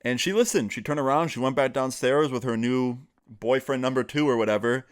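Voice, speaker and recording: Young male vlogger, casual storytime, chatty, filler-heavy, mid-pitched voice. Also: a little fast, clean tone. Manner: chatty, filler-heavy, acts out quoted friends.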